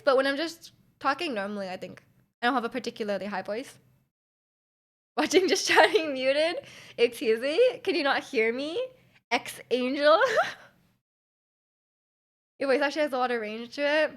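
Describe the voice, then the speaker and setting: Woman streamer for casual chat, slightly high voice, energetic and loud, lots of fillers, volume that jumps up and down. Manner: chatty, many fillers, reads chat aloud.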